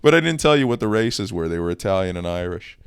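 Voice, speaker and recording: A young man with a fairly low, smooth voice, recorded close and dry on a podcast mic. He talks in a casual, deadpan way, tossing out provocative comedy bits. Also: quick pace, no room sound. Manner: deadpan, provocative shock humor with frequent laughs. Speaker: podcast co-host.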